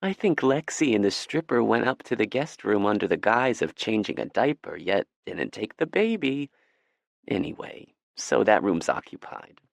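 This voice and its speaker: A man voicing a bubbly young woman friend who chats brightly in an audiobook. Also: fairly low pitch, big pitch swings, normal speed, creaky, no echo. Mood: bright teasing. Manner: bright, gossipy.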